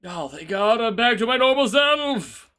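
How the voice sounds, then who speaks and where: A man's voice: very high-pitched, animated, measured pace, pushed and bright. A man streaming a game live and chatting with viewers, with playful, mock-indignant protests and stammering repetitions. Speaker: VTuber streamer. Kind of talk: live gaming stream chat.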